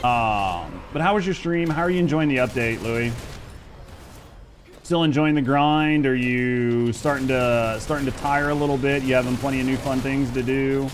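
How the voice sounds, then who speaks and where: A man's voice: medium pitch, normal speed, a little hiss or hum. A man in his thirties from Indiana with a Midwestern accent, chatting casually and rambling on a live game stream, swearing freely. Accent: Midwestern American. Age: over 30. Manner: laid-back, rambling, swears a lot.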